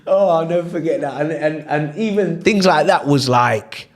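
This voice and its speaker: A man's voice: fairly high pitch, normal speed. A man with a Leicester accent, a former boxer, telling stories in a casual interview and acting out the voices of the people in them. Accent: Leicester English. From England. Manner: animated storyteller, acts out voices, repeats "you know what I mean". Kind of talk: storytelling in casual interview chat.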